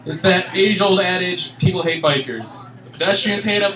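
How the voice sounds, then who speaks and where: A young man from Michigan in his twenties doing a stand-up comedy set, ranting in an exasperated, animated way. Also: fairly high pitch, normal speed, a crowd in the background. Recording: echoey room, mic at a distance.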